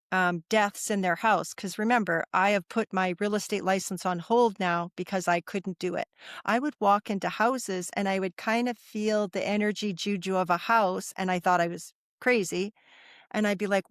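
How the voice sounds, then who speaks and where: A woman's voice: mid-range voice, steady tone, moderate pace, dry recording, studio quality. A middle-aged woman sharing a personal story as a podcast guest, earnest and repeating phrases for emphasis.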